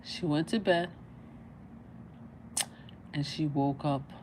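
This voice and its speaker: A woman's voice: low-pitched, takes it slowly, dark tone, slight background noise. A middle-aged woman hosting a casual reaction livestream, chatting and firing off exasperated, repeated rhetorical questions. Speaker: livestream commentator.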